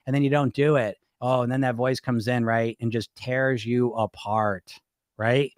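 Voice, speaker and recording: A man's voice: medium pitch, moderate pace, dry recording, clean studio sound. A middle-aged man, a weight loss coach hosting a podcast, talking casually and acting out his inner voices. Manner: animated, acts out his inner voices in dialogue; conversational, frequent "right?" and "you know?". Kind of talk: casual live-stream advice talk.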